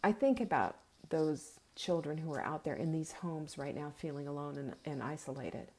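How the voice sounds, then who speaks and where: A woman's voice: sits low, lively intonation, moderate pace, warm tone. A middle-aged woman hosting a live meal-planning show, giving an earnest, urging pep talk, at times tearful.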